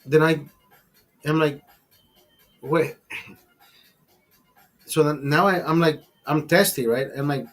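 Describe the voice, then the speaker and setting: A man hosting a casual podcast, telling a long profane story in a rambling, animated way. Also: on the high side, takes it slowly, pauses often, soft background music. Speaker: podcast host.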